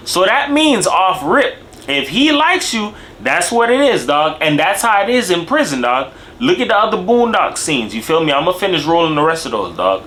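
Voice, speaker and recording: A young man in casual reaction commentary, talking in animated street slang and tagging his lines with "bro" and "dog". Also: sits high, normal speed, a little hiss or hum. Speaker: video commentator.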